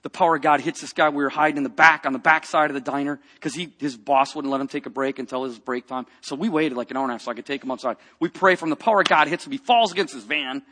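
Animated preacher man telling stories. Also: fairly high pitch, fast, few pauses. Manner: animated, acts out quotes, swings between hushed and loud. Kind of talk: sermon with personal storytelling.

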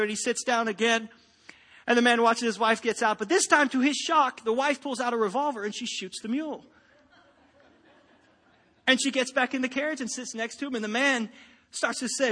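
A man's voice: very high-pitched, a little fast, bright, forceful tone, long reverb tail. A man preaching a sermon, telling a joke and a story with playful acted-out voices. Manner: joking storyteller, acts out voices. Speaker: pastor.

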